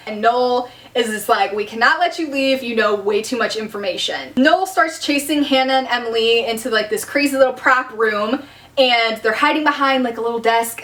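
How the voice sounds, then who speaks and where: A young woman giving a casual, excitable recap of a TV episode, laughing often and acting out scenes. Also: fairly high pitch, distant mic. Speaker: vlogger.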